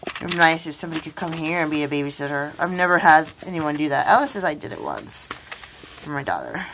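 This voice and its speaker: Low-pitched woman in her thirties, vlogger who rambles on and on, faint noise in the background. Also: very animated, fast talker. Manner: rambling, talks while building with toy bricks. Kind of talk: rambling casual vlog.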